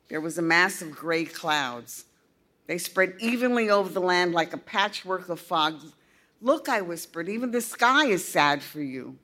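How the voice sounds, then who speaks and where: A woman narrating a first-person story in a slow, deliberate storytelling manner. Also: medium pitch, pushed and bright. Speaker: audiobook reader.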